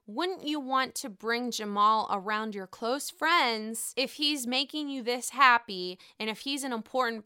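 A woman casually recapping a reality show episode, blunt and profane, talking in an animated way. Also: on the high side, clear, resonant tone, no echo, studio quality.

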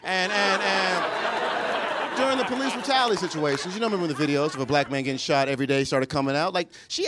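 A man's voice: high voice, sing-song, a little fast. A man doing profane crowd-work stand-up on a comedy club stage, brash and teasing. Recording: live club with loud crowd noise.

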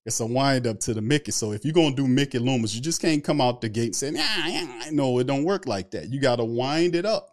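A man's voice: mid-range voice, expressive, fast, few pauses, darkish tone. A man hosting a casual sports talk livestream, loose and chatty, greeting viewers in the chat by name. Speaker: sports talk show host.

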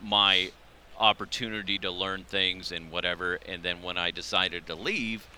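A man's voice: deep voice, fairly even intonation, moderate pace, sharp tone, slight background noise. A man hosting a podcast in casual chat, loose and profane, laughing at his own jokes. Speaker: podcast host. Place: convention radio row.

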